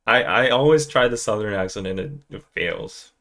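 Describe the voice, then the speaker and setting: A man's voice: lowish voice, moderate pace, fairly bright tone. A man hosting a casual live stream who talks in a playful, joking way. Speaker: podcast host.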